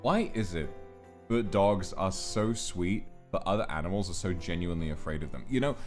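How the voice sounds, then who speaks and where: A man chatting with guests on a stream, telling stories in an animated, tangent-prone way. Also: deep voice, normal speed, soft background music. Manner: animated storyteller, jumps between voices and big tangents. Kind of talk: casual chat.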